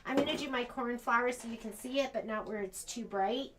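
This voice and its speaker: High-voiced chatty American woman teaching embroidery. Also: fairly quick, a bit bright, slight background noise. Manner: chatty, thinks aloud, self-correcting. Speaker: sewing shop instructor. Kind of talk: embroidery demonstration. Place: sewing shop.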